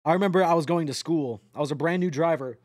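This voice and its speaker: A man's voice: on the high side, quick pace, dry recording, clean studio sound. A young man streaming a trucking game, chatting with his viewers in a rambling, joking way and swearing often. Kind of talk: casual live-stream chatter while playing a trucking game.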